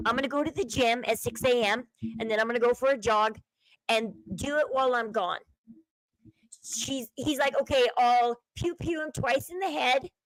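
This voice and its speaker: High-voiced chatty woman telling a crime story. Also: fairly bright tone, dry recording, rough recording. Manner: chatty storyteller, acts out quotes, euphemisms like schmurdered. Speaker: commentary channel host. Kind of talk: casual true-crime retelling.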